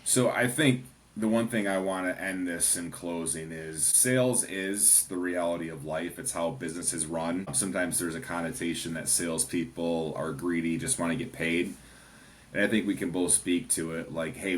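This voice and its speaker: Deep-voiced podcast host, faint hiss. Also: male voice, normal speed. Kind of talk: podcast interview.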